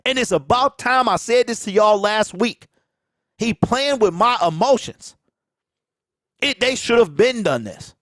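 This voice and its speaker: A man's voice: high voice, lively intonation, moderate pace, fairly bright tone, no room sound. A man hosting a sports talk show with a Michigan accent, ranting in casual commentary, preachy and repeating phrases for emphasis, on a close mic that pops. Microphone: close mic, pops on plosives.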